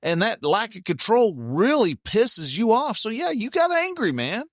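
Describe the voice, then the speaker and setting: A man's voice: sits high, very animated, measured pace, no echo, clean studio sound. A man, hosting a casual self-help talk in a plainspoken, folksy way with mild cursing. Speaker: self-help podcast host.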